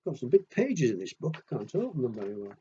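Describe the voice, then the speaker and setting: A man reading picture books aloud to children in a gentle, chatty way, often asking the listener questions. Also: mid-range voice, very animated, quick pace, highs cut off, a little hiss or hum. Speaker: children's storyteller.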